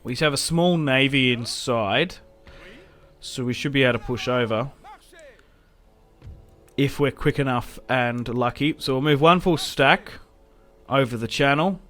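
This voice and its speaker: Young male gaming host, relaxed chatty play-by-play, average pitch, quiet game music underneath. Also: unhurried. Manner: chatty, reacts loudly to setbacks, self-mocking laughs. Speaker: gaming YouTuber. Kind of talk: casual gameplay commentary.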